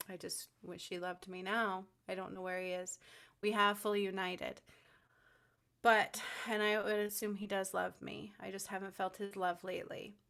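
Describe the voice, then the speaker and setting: A woman's voice: mid-range voice, gravelly, a bit bright. A woman giving a rambling, fervent spiritual monologue to camera, with frequent ums and restarts. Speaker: spiritual channel host.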